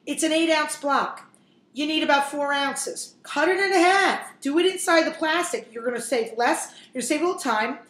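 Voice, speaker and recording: A woman's voice: high-pitched, moderate pace, a bit bright, reverberant. A woman in her forties hosting a home cooking show, chatting and joking straight to viewers as she works. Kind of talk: casual cooking demonstration.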